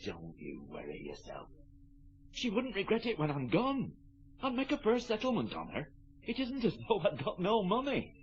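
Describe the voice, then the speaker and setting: Pushy wealthy middle-aged northern man, Lancashire accent, very swoopy voice, slightly raised pitch, muffled lo-fi sound. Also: wildly swooping pitch, normal speed, a little hiss or hum. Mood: wheedling. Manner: coaxing, boastful. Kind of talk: stage-style radio drama acting. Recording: dull lo-fi archive recording.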